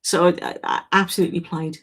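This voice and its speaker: A woman from Wales hosts a casual live chat, answering viewers by name. Her voice is husky and breathy. She talks frankly and chattily, often breaking off and starting her sentences again. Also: fairly low pitch, steady tone, fast talker. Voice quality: chatty, self-interrupting, frank. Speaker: livestream host.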